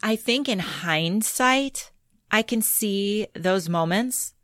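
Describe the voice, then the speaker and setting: A middle-aged woman in a casual interview, telling personal stories candidly and lively voicing the people she quotes. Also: mid-range voice, slow, no echo, clean studio sound. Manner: candid storytelling, animated when quoting others. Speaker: podcast guest.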